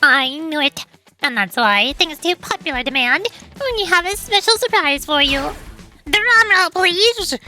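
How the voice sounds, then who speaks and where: A bubbly young announcer calling out to the crowd, high-pitched and loud, with showy game-show flair, as a woman reads her lines. Her voice stays lifted and eager. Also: expressive, unhurried, soft background music, exaggerated voice. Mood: hyped. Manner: bright, showy, hyped. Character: peppy young female event announcer.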